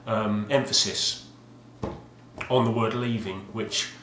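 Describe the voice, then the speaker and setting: A man with a lowish, mid-range voice speaks slowly with fairly even intonation, his tone pushed and bright over a little hiss or hum. He's a video game collector vlogger rambling casually at home in a roomy, echoey room, hesitant and wry, often restarting.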